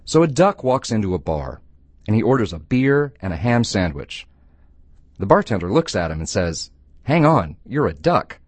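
A man hosting a call-in radio show who tells jokes in a playful, animated way. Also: on the low side, normal speed, no room sound. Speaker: radio host.

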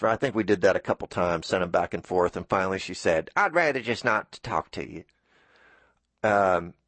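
A middle-aged man hosting a radio show, telling rambling stories and slipping into quick voices for the people he quotes. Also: fairly low pitch, dry recording. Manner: storytelling, puts on quoted voices. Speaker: radio host. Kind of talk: rambling monologue.

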